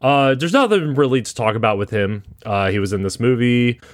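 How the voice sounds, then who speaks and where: A man's voice: mid-range voice, a little fast, no echo, studio quality. A man co-hosting a podcast, casual and playful, teasing and sounding words out. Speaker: podcast co-host. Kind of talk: casual chat.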